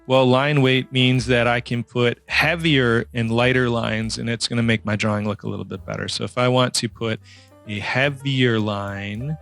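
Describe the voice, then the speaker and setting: A man teaches drawing in a relaxed, talky tutorial, tossing little quizzes at the viewer as he goes. His voice has a gravelly, creaky edge at a middling pitch. Quiet music plays faintly underneath. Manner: chatty, playful, quizzes the viewer. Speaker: drawing instructor. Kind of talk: casual drawing tutorial narration.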